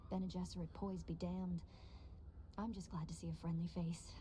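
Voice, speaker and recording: A woman's voice: lowish voice, little pitch movement, warm tone, slight background noise, lightly acted. An actress voicing a restless young noblewoman in a video game, who vents eagerly. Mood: eager, relieved. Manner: eager, quick venting. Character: young noblewoman, restless, chafing under her mother.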